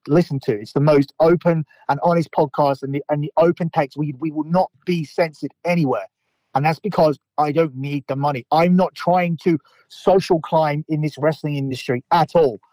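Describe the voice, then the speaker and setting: Male podcast host, slightly high voice on a dry close mic, blunt and defiant, profane rant delivery. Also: a little mellow, no room sound, poor audio.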